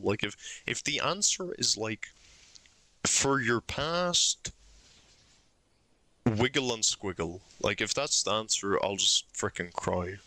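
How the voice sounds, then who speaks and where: A man's voice: on the low side, pushed and bright, no echo. A young man streaming a puzzle game, thinking aloud and arguing his case insistently with himself. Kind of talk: live game commentary.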